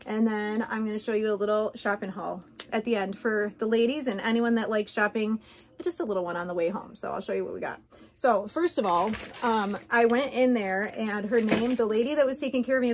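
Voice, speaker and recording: This is a woman vlogger chatting straight to her viewers in an easygoing, unscripted way. She is candid and a little rambling, wandering off into asides as she goes. Her voice sits at an ordinary middle pitch. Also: slight background noise. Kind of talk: casual chat to camera.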